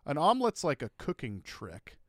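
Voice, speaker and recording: A man co-hosting a casual comedy podcast, ranting emphatically with profanity and sudden loud bursts. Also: a little high, wildly swooping pitch, normal speed, dry recording, clean studio sound. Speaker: podcast co-host.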